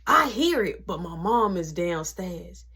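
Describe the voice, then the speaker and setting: A woman with a husky, lowish voice talks in an unhurried way. In her vlog she relays a family story in casual slang, animatedly acting out each person's lines.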